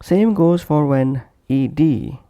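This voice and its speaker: A man narrating a scripted English pronunciation lesson, slowly and deliberately repeating example phrases as drills. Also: a little high, dark tone, dry recording, clean studio sound.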